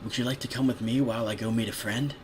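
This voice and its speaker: A man voicing a gentle adult male pegasus in a storybook reading, soft and quiet. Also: mid-range voice, steady tone, quick pace, a little hiss or hum, natural voice.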